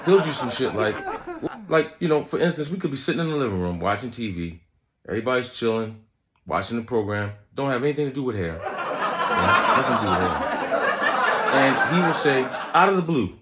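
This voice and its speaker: An animated, profane man tells a comic story in a lowish voice and keeps checking in with "right?". Background noise runs under the whole recording. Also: a little fast. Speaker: comedian, show host. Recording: noisy recording.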